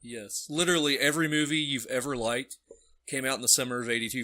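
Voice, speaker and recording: Guy co-hosting a movie chat, sarcastic and deadpan, bright edgy voice. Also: medium pitch, fast talker. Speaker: podcast co-host. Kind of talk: casual chat.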